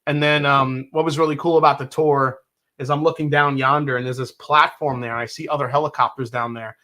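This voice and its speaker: A man's voice: mid-range voice, steady tone, fairly quick, bright, forceful tone. A middle-aged man co-hosting a casual bourbon tasting, chatty and prone to restarts as he tells a story. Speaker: podcast co-host.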